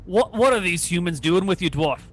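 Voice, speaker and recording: A blunt, swearing dwarf gatekeeper, as a man puts him on for a tabletop game. He is distrustful, with a slightly raised pitch and a bright, forceful tone. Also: animated, brisk. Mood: suspicious. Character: gruff suspicious male dwarf gate guard. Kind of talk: tabletop role-play.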